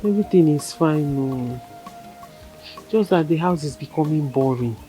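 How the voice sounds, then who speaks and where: A woman's voice: low voice, animated, normal speed, dark tone, faint music behind. A Nigerian woman acting as a wife left at home who plans to start a business. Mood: hopeful. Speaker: wife whose husband left for the city. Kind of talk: Nollywood film acting.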